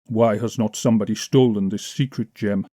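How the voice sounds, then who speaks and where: A blunt young barbarian, as a male narrator puts him on, asking short plain questions with cool, unfriendly directness. The tone is mellow and dark, heard close and dry in a storybook reading. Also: fairly low pitch, steady tone, normal speed, no room sound, lightly acted. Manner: terse, plain-spoken.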